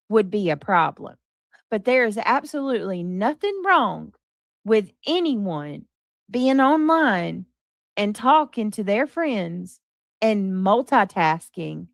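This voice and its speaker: Woman streamer host, emphatic and defensive, mid pitch, dry close sound. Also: creaky, no room sound. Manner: emphatic, defensive, talking to chat. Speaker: livestream host. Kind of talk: livestream chat.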